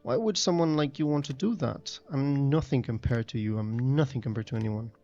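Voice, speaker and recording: A man's voice: medium pitch, fairly quick, dark tone, highs cut off, faint music behind, lightly acted. A man reading the part of a timid, self-loathing townsperson in a fantasy game, meek and self-deprecating. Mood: miserable.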